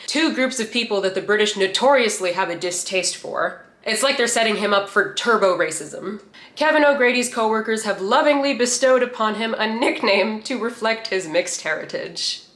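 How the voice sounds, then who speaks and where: A woman's voice: medium pitch, expressive, moderate pace, a bit bright, roomy sound. A woman from the United States hosting a reaction commentary, speaking in a sarcastic, candid way. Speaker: host.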